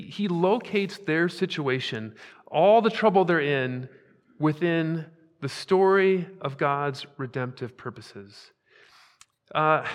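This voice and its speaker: Man preaching in a reverberant hall. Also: on the high side. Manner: emphatic preaching, swings between hushed and loud. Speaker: pastor. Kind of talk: sermon.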